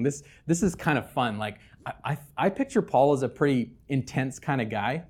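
A man preaching a sermon as pastor, swinging between loud, emphatic scripture reading and quiet, conversational asides with humor. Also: mid-range voice, moderate pace, hardly any pauses. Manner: conversational, with casual fillers and humor.

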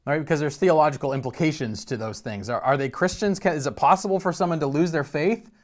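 A man preaching a conversational sermon as pastor, teaching through a passage, stumbling and restarting words, slowing down to stress key points. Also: on the high side.

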